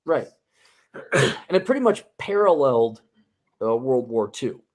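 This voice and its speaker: A man's voice: medium pitch, sing-song, measured pace, a little mellow. A man hosting a casual podcast chat, ranting heatedly with swearing and frequent restarts. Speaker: podcast host.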